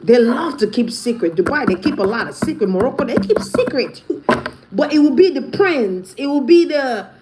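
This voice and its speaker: A woman's voice: high voice, big pitch swings, normal speed, background noise. A woman vlogger giving blunt, profane gossip commentary, often breaking into laughter. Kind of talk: casual commentary.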